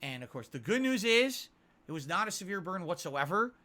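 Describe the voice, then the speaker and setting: A man's voice: high voice, big pitch swings, a little fast, bright, forceful tone. A man earnestly telling a rambling personal story on a stream. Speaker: streamer in a played clip. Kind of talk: casual storytelling.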